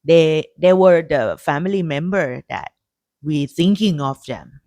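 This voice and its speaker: Thai-accented woman, native Thai speaker, unhurried soft podcast co-host, dry close sound. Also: sits low, no room sound. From Thailand. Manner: halting, searching for words, soft. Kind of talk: casual chat.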